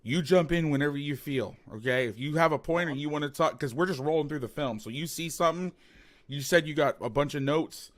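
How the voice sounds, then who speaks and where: A man's voice: fairly high pitch, a little fast. A man hosting a football film breakdown, talking casually and animatedly, swearing, rambling with restarts.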